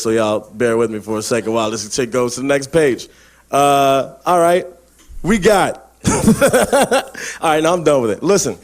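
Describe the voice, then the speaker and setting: A man doing a stand-up roast set, boastful and trash-talking, often breaking into laughs. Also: fairly high pitch. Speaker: roast comic.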